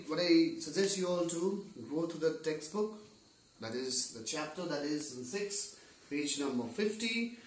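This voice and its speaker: A man's voice: fairly high pitch, a little hiss or hum. A male teacher retelling a story in an online class lesson, often hesitating and repeating words while he searches for them. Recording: roomy, distant mic.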